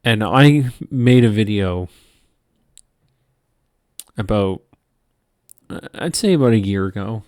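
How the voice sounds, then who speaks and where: A tired man hosting a gaming channel, ranting in a halting, profane monologue with frequent restarts. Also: on the low side, lively intonation, a little mellow, dry recording, studio quality. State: tired from lack of sleep.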